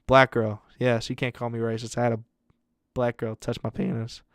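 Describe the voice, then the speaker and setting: Young male podcast co-host with a smooth, resonant voice and a dead-dry close-mic sound, a crude, rambling storyteller. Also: medium pitch, flat delivery, moderate pace, a bit bright, no echo. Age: young adult.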